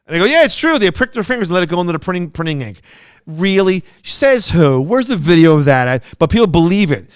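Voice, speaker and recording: Excitable man telling stories, crisp dry voice. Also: fairly high pitch, quick pace, dry recording. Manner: animated storyteller, excitable, frequent restarts. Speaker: podcast co-host. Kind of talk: casual chat.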